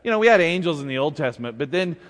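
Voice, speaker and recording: A man's voice: on the high side, lively intonation, very fast, long reverb tail. A man preaching a sermon as pastor, conversational and humorous, acting out scripture stories. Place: church sanctuary.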